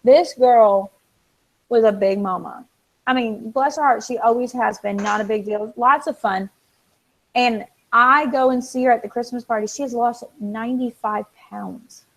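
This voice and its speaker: High-pitched lady co-host, lively storyteller, acts out what people said. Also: measured pace, rough recording. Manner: animated storyteller, acts out quoted dialogue. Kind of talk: casual chat.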